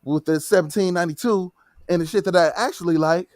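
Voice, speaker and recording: A man's voice: sits high, quick pace, dry recording, clean studio sound. A man co-hosting a podcast in casual chat, often humming along in agreement. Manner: backchannels with short hums. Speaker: podcast co-host.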